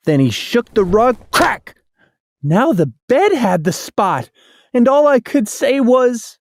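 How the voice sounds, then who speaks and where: A storybook narrator with a lively, sing-song voice that rises and falls widely through the rhymes. The pace is slow and deliberate. The sound is close and dry. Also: mid-range voice, no echo. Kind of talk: storybook read-aloud.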